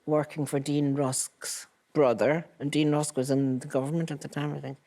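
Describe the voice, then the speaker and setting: A woman's voice: low-pitched, fairly even intonation, normal speed, mellow. An older Irish woman, a guest in a casual chat, telling stories with dry wit and laughter. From Ireland.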